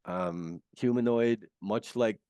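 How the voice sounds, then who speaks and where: Earnest low-voiced man on a video call. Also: warm tone, clean tone, no room sound. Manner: earnest, halting, many restarts. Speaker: guest. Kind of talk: recounting a near-death experience.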